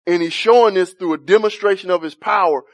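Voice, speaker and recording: A man's voice: high voice, quick pace, dry recording. A man leading an interactive Bible study, asking the group questions, chuckling often and talking in a loose, informal way.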